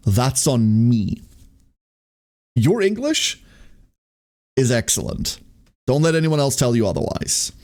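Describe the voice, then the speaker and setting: Lively German man chatting on stream. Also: mid-range voice. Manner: animated, laughs often, repeats phrases, answers chat. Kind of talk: casual live-stream chat reading chat.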